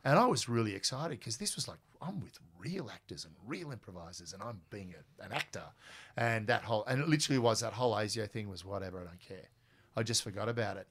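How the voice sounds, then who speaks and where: A man in his forties with an Australian accent, telling animated stories as a podcast guest. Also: on the low side, fast, husky. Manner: animated, acts out quoted voices. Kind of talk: casual storytelling.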